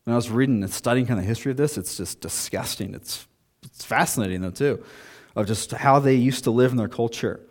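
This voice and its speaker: A man in his thirties preaching a sermon in a relaxed, conversational way, with self-deprecating asides. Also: mid-range voice, a little fast. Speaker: pastor.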